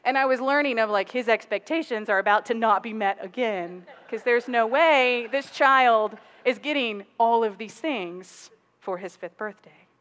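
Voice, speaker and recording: Brief woman pastor in her thirties, chatty sermon delivery with frequent laughs, slightly high voice. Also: moderate pace. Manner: warm storytelling, laughs often, conversational. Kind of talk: sermon with personal story.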